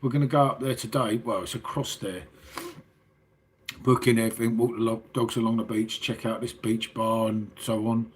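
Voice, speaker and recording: Husky english guy chatting on his livestream, sweary, mate this mate that. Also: lowish voice, steady tone, normal speed. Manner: matey and sweary, calls everyone mate. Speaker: livestream host. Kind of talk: casual late-night livestream chat reading viewer comments.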